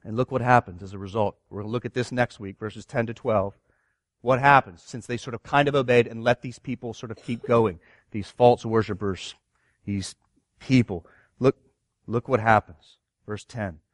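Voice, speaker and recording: A man's voice: mid-range voice, fairly even intonation, normal speed, no echo. A man preaching a sermon, reading scripture and asking his listeners earnest rhetorical questions. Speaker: pastor.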